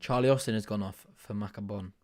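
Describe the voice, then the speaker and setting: A man hosts a live football watch-along, describing the match in a casual, chatty way. He gets excitable and laughs often as he breaks off to talk to viewers. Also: lowish voice, fast.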